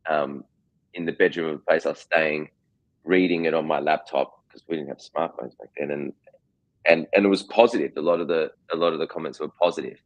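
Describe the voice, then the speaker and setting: Very deep-voiced Australian man, rambling. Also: steady tone, brisk. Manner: rambling, full of restarts and repeated words. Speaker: guest actor. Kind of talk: casual interview chat.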